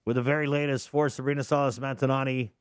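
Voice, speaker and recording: Smooth-voiced joking radio host. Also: male voice, medium pitch, level tone, fast talker, no echo. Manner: joking, storytelling. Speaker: morning show co-host. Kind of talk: casual radio chat.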